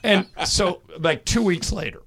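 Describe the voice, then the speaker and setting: Animated male sports radio host. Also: medium pitch, moderate pace. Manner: animated storyteller, does loud impressions when quoting. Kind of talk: casual sports radio chat.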